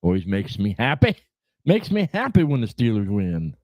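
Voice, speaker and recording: A man's voice: fairly low pitch, wildly swooping pitch, moderate pace, dry recording, lo-fi sound. Rambling, laid-back biker guy on a livestream. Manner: rambling and laid-back, swears freely, fillers like "you know". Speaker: podcast host. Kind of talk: casual livestream chat.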